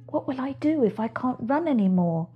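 A scared little boy hare from a picture book, high-pitched and shaky, sobbing out his worries, as a woman reads him aloud. His voice jumps well above the reader's own. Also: animated, normal speed, slightly rough, muffled recording, soft background music, exaggerated voice. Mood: worried. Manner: sobbing, breathless, anxious. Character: frightened young male hare.

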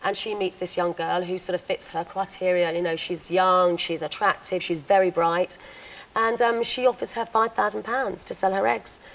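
A woman's voice: on the low side, fairly even intonation, normal speed, vocal fry, poor audio. A woman actress being interviewed on a TV chat show, talking chattily with a lot of hesitation. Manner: chatty, hesitant with many fillers. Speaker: guest, actress. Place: TV studio.

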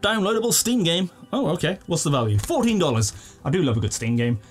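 A young man hosting an unboxing video at home, chatting with excited enthusiasm and laughing now and then. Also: fairly high pitch, fairly quick, faint music behind. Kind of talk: casual unboxing commentary. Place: living room at home.

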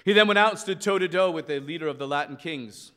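A priest, preaching with passion, his bright, high voice ringing out. The long reverb of a big hall trails every phrase. He tells a gritty story and acts out its voices. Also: fast, smooth. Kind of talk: preaching a rally speech with a story.

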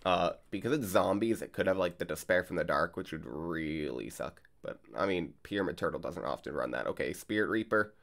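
A man's voice: low-pitched, expressive, fairly quick, creaky, few pauses, fairly bright tone. A man hosting a card game channel, chatting casually and rambling with lots of fillers. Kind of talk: casual gameplay vlog and commentary. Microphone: desk mic while recording gameplay.

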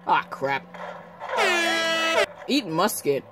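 A man giving joking, excitable commentary over his video game play, calling out to the characters on screen. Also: high voice, moderate pace, pauses often. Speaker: gameplay commentator. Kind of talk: casual gameplay commentary. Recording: game music loud behind voice. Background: video game music and sounds.

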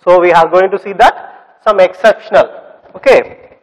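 A man's voice: sits high, normal speed. A man teaching a grammar lesson to students, repeating key words, spelling them out and checking whether they understood. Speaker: English teacher. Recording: long reverb, echoey room.

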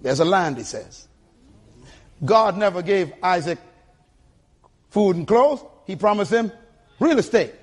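Husky older male preacher, animated. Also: sits high, a little slow, pauses often. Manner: emphatic, calls for congregation responses. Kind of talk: sermon. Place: church sanctuary.

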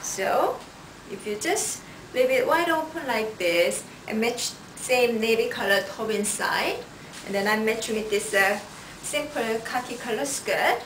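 A woman stylist walks through outfits at a slow, patient pace, her voice sitting a little high. She is recorded from some distance in a roomy space with faint background noise. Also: expressive, fairly bright tone. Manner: unhurried, shows each item with "like this". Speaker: fashion stylist presenting clothes. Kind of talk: product styling demo.

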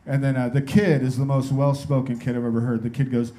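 A male stand-up comedian telling a story on a comedy club stage in an incredulous, lively way. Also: mid-range voice, fast, few pauses, slight background noise.

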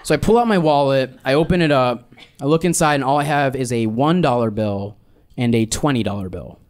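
Male stand-up comic, thirties, dry deadpan delivery, mid-pitched voice. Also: a little fast. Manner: deadpan storytelling that shifts into exaggerated quoted voices. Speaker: stand-up comedian. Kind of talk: stand-up comedy set. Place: live comedy club with audience laughter. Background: audience laughter.

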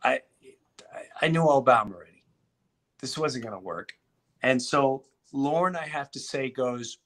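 A middle-aged man telling a story in casual chat, animated and profane, acting out what others said. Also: medium pitch, normal speed, long pauses. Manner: animated, swearing, acts out quotes. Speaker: guest.

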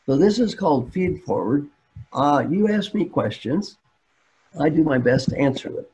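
A man's voice: fairly high pitch, lively intonation, moderate pace, darkish tone, slight background noise. An older man speaking as a coach in a webinar, telling stories in a plain, repetitive way. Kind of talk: webinar talk. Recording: dull webinar audio.

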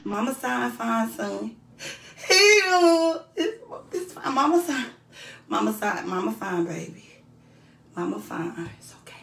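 A woman voicing a tender mother who soothes her son in a hushed, coaxing way. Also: on the high side, very animated, measured pace, gravelly, long pauses, distant mic, a little hiss or hum, heavily acted. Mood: tender, soothing. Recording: roomy sound from off the mic.

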